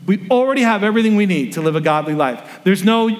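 Pastor preaching in a reverberant hall. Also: male voice, sits high, animated, fairly quick. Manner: storytelling, acts out quoted voices. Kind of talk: sermon. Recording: long reverb of a large room.

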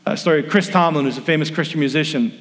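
A male pastor delivers a sermon with a slightly higher voice than most men. He tells stories and acts out the people in them. The sound rings with the long reverb of a large hall. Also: very fast, a bit bright. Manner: storytelling, acts out quoted voices.

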